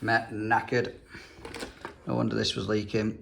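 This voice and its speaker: A man's voice: fairly low pitch, monotone, measured pace, vocal fry, heavy background noise. A young English man, a plumber, talking casually through his work in a bathroom, with dry grumbling asides. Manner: chatty, dry grumbling asides while working. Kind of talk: casual work vlog narration. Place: indoor bathroom on a job.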